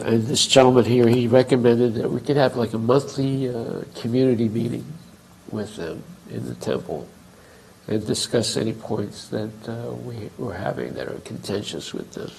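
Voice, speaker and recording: A man's voice: mid-range voice, creaky, darkish tone, a little hiss or hum, rough recording. A man giving a class at a temple, telling a story conversationally and acting out both sides of a dialogue. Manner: conversational, acts out quoted dialogue. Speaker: temple speaker.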